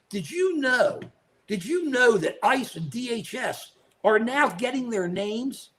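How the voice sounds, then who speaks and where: With a high voice, an older man co-hosts a live political talk show. He delivers outraged, emphatic remarks, repeats phrases and calls his co-host by name.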